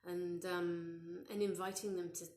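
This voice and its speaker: A woman in her thirties giving a live parenting session, gentle and conversational, with many fillers and restarts. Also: on the low side, level tone, unhurried, roomy sound. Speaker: parenting educator.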